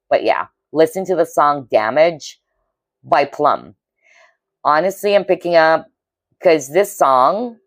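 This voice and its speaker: A woman's voice: low-pitched, no echo. A woman giving a pick-a-card tarot reading, talking earnestly and empathically to her viewers and often checking in with "okay?". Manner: earnest, intuitive, frequent "okay?" check-ins; emotionally moved, empathic. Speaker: tarot reader.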